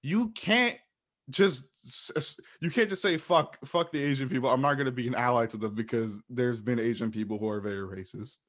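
A man's voice: medium pitch, fairly quick, fairly bright tone. A man talking in a casual podcast chat, passionate and rambling, swearing freely as he makes his point.

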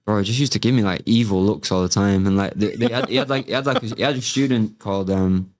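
Casual low-voiced man. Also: quick pace, darkish tone. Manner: rambling, many fillers like "like" and "you know". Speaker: MMA fighter and grappling coach, guest. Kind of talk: casual interview chat.

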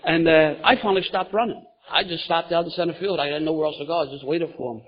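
A middle-aged man telling his recovery story at a meeting, lively and laughing as he goes. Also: fairly high pitch, fast, a crowd in the background. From Philadelphia, USA. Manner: animated storytelling, gets loud and laughing at funny parts. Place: meeting room in front of an audience. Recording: dull lo-fi meeting recording.

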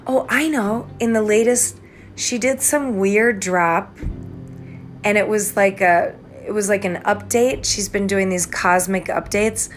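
A woman podcasting alone at home at night, ranting in an agitated, rambling way, often breaking off and laughing at herself. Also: medium pitch. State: angry. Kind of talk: spontaneous ranting monologue.

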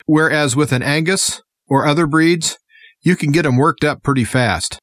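Earnest man with a fairly high voice. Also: moderate pace, a bit bright, no room sound. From United States. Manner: earnest, impassioned political speaking. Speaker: radio show guest presenter. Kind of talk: scripted radio monologue.

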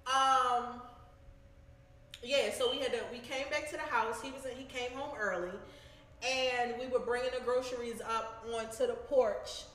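Blunt high-voiced woman in an echoey room. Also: measured pace. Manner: blunt, animated, profane. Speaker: show host. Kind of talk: casual storytelling chat.

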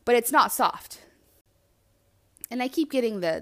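A woman hosting a podcast, talking alone in a blunt, animated and self-reflective way and swearing freely. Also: mid-range voice, moderate pace. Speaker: podcast host. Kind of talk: candid solo monologue.

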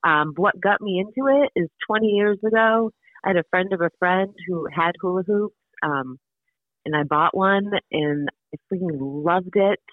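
A woman's voice: fairly low pitch, normal speed, dry recording. Enthusiastic chatty woman guest, lots of um and like, sounds thin like a phone call. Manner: bubbly and enthusiastic, chatty with many fillers. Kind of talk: casual interview. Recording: tinny phone-like remote call line.

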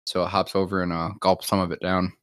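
A man's voice: deep voice, little pitch movement, quick pace, fairly bright tone, clean tone, no room sound. A man improvising a silly story in casual chat, playful and laughing often.

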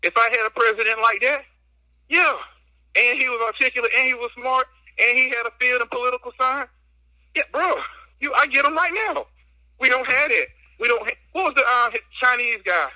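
A man's voice: very high voice, brisk, bright, forceful tone, no echo, poor audio. A man guest on a casual podcast, talking through a phone while out on a walk, slightly out of breath, emphatic and slangy as he vents. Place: outdoors on a walk.

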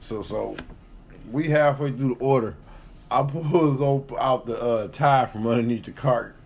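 Husky-voiced man telling a story. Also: mid-range voice, measured pace. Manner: profane, animated storytelling with acted-out quotes. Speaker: podcast co-host. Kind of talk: casual storytelling chat.

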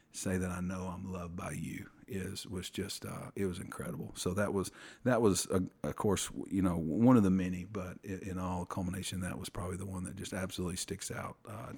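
A middle-aged man telling a personal faith story on a podcast, earnest and halting, often restarting his sentences. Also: deep voice, darkish tone, husky. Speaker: podcast guest.

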